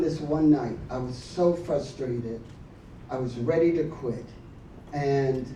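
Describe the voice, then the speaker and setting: Slow, laughing man in an echoey hall. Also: fairly high pitch, slight background noise. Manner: laughing storyteller, slow, acts out quotes loudly. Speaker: memorial speaker. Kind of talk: personal story at a memorial gathering. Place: large hall. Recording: echoey hall, mic from far off.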